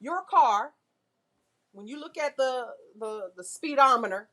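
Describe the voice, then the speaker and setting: A woman teaching a nail class, lively and full of questions to her students. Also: high voice, unhurried. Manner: lively, asks the class questions, uses car comparisons. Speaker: nail instructor. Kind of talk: classroom lecture.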